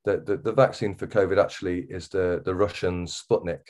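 A man with a Wirral accent, a podcast guest, talking casually and haltingly with many ums and restarts. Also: low-pitched, steady tone, darkish tone. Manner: hesitant, full of ums and restarts. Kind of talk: casual interview chat.

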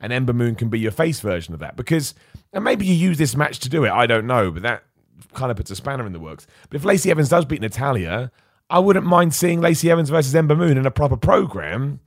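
Brief: male podcast host, mid pitch, chatty and opinionated, close dry mic. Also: sing-song, fast talker, dry recording. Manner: chatty, opinionated, stumbles and repeats words. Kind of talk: casual wrestling chat, reading super chats.

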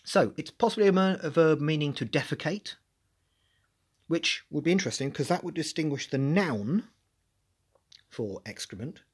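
Husky man musing as podcast host. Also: fairly high pitch. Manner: musing, thinks aloud, often restarts words. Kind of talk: solo podcast analysis.

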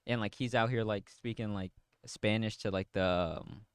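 Smooth-voiced young man chatting. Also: on the low side, fairly even intonation, normal speed, no room sound. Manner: easygoing, hedging storyteller. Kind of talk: casual chat.

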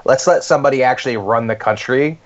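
A man's voice: mid-range voice, quick pace. A man co-hosting a comedy podcast, telling rambling stories in a loose, casual way. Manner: rambling, animated storytelling with fillers. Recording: dull lo-fi podcast audio.

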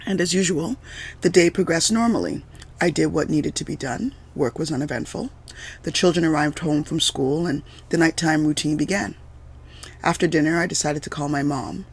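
A woman reading her own personal story aloud as a podcast narrator, in a measured, deliberate way. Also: deep voice, slightly rough. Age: adult mother of several children. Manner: measured, deliberate, steady delivery.

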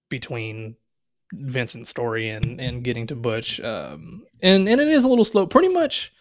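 A man co-hosting a podcast, casually retelling movie scenes and quoting the lines with swearing. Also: medium pitch. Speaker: podcast co-host. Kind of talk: casual movie recap chat.

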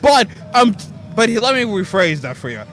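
Joking podcast co-host, very high voice, a lively delivery. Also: male voice, normal speed. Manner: excitable, joking. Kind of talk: casual podcast chat.

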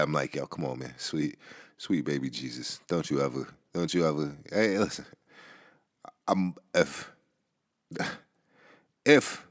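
A man hosting a casual podcast monologue. He talks in a loose, rambling way, with many fillers, restarts and profanity, and gets heated at times. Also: extremely low pitch. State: relaxed from smoking. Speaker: podcast host. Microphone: home podcast mic.

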